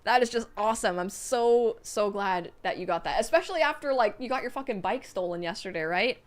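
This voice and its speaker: A woman streamer excitedly reading out donations and fan messages in a casual livestream chat, gushing and laughing often. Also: mid-range voice, fairly quick.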